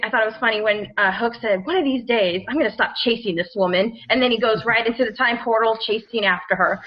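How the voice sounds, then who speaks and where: Earnest woman, slightly high voice. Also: lo-fi sound. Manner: earnest, recounting with "um"s. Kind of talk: casual discussion.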